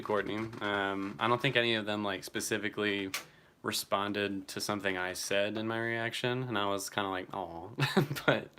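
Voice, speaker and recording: A man's voice: fairly low pitch, bright, forceful tone, clean tone. A young man casually chatting on a livestream, answering viewers by name and swearing now and then. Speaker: streamer reading live chat.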